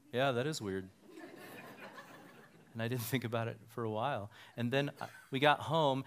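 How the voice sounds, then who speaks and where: A middle-aged man, a pastor, telling a personal story as a sermon and acting out the dialogue he quotes. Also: fairly low pitch. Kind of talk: sermon testimony.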